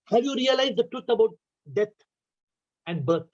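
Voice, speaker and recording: A man's voice: very high voice, lively intonation, moderate pace, a little mellow. A man with an Indian English accent gives a spiritual talk on a video call, asking his listeners question after question. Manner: asks the audience repeated questions. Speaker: spiritual teacher. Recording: dull lo-fi call audio.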